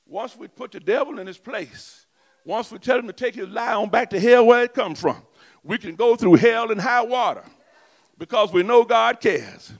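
A male pastor delivers a sermon in a church with a very high, bright voice. He preaches in call-and-response fashion, repeating lines and pushing up into shouts. The ring of the voice stays sharp and forceful throughout.

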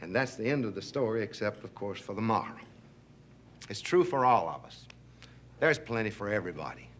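A man's voice: on the low side, lively intonation, a little fast, a bit bright, slight background noise. A man, host of a TV special, telling a fable in a folksy, chuckling way. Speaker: storyteller, show host.

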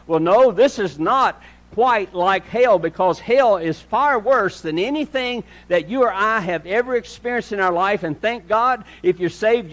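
This is a man's sermon, earnest in tone, moving from booming emphasis to soft, low moments. The pastor keeps calling his listeners "dear friend."

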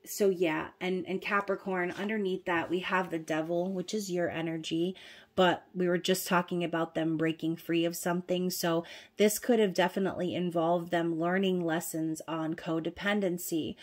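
A woman's voice: on the low side, steady tone, normal speed. A woman giving a casual, chatty tarot reading, talking straight to the viewer, blunt at times and often checking in with "okay?". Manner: chatty, peppered with "okay?" and fillers. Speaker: tarot reader.

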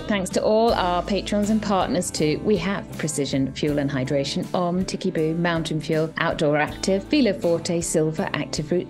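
A British woman co-hosting a podcast, chatting in a bubbly, rambling way with frequent giggles. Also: fairly low pitch. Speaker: podcast co-host. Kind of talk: casual chat.

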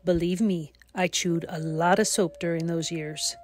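A woman reading the part of a kind, wise elderly grandfather in a storybook, speaking gently and steadily as he tells of his past. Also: on the low side, steady tone, measured pace, slight background noise, lightly acted. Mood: reminiscing.

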